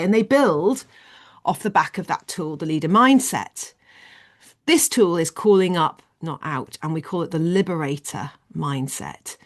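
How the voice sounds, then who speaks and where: A woman with a lowish voice leads a leadership training session over a video call. She explains each idea animatedly, often acting out little examples.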